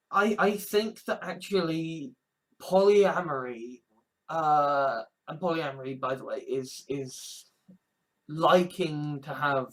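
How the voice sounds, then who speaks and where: A woman's voice: deep voice, rough recording. A woman talking straight to camera in a sweary, digressive, sarcastic vlog rant. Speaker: YouTube creator. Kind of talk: ranting vlog monologue.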